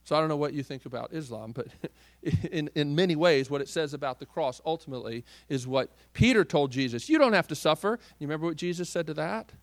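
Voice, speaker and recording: A man preaching a sermon, swinging from loud, forceful declarations to hushed, near-whispered lines. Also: fairly high pitch, quick pace, hardly any pauses, no room sound. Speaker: pastor.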